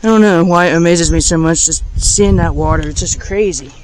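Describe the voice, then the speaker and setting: A man's voice: a little high, fairly quick, a little hiss or hum, poor audio. A man chatting casually to his viewers while walking around a small riverside town with a handheld camera, easily amazed by what he sees. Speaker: vlogger.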